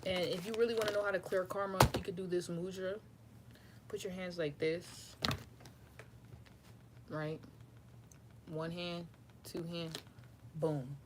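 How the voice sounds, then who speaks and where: Low-voiced woman giving a casual tarot reading. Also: steady tone, measured pace, long pauses, noisy background. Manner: loose, profane, rambling, slangy. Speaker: tarot reader. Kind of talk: casual spiritual reading to camera.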